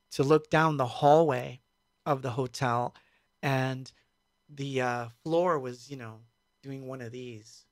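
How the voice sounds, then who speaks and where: A man telling a story in a casual stream, speaking in a halting, reflective way with many fillers. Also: mid-range voice, no room sound, clean studio sound. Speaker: musician recounting a tour.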